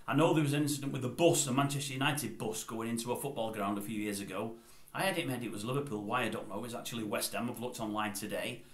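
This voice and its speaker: A man's voice: medium pitch, fast talker. Rambling older man. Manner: rambling, digressive, opinionated. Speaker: YouTube commentator. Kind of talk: casual opinion vlog. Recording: roomy echoey room.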